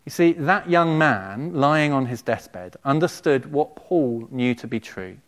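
A man, a pastor giving a sermon in a church, earnest and measured. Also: mid-range voice. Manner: earnest, measured preaching with quotations read aloud.

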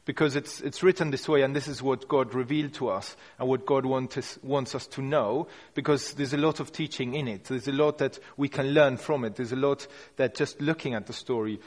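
A man delivers a relaxed, chatty sermon at a middling pitch. He often circles back and rephrases mid-thought. His voice carries a long hall reverb. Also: normal speed. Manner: conversational and unpolished, with frequent restarts and hedging words. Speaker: preacher. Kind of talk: informal sermon.

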